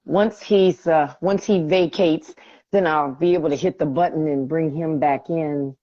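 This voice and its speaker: A woman's voice: low-pitched, steady tone, measured pace, dark tone, dry recording. Frustrated woman host on a live stream. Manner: frustrated, talking to herself while fixing tech. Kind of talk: casual live stream chat. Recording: dull lo-fi stream audio.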